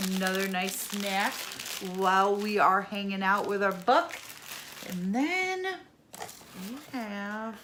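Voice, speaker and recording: This middle-aged woman unboxes a subscription box for her vlog, speaking in a mid-range voice against a noisy background. She's chatty, exclaims over every item, and laughs at her own mispronunciation.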